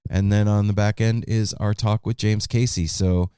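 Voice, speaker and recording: An easygoing man hosting a podcast, with a lowish, mellow voice. His speech is smooth and clear. It sounds close and dry. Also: fairly even intonation, moderate pace, no room sound. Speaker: podcast host. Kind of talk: casual chat.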